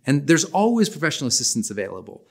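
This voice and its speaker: Man, forties, motivational coach, emphatic and conversational, slightly high voice. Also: big pitch swings, quick pace, vocal fry, darkish tone, breathy edge. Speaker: personal development coach. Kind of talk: motivational class talk.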